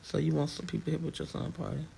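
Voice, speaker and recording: A man's voice: on the high side, flat delivery, fast talker, gravelly, warm tone, a little hiss or hum. A young man talking to his viewers on a livestream, upset and defensive, his voice strained and tearful. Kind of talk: emotional livestream chat.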